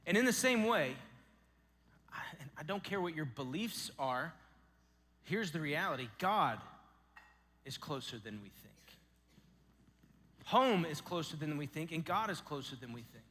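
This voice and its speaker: A man in his thirties telling a story as a youth camp speaker, animated and storytelling with dramatic pauses. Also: on the high side. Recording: echoey hall.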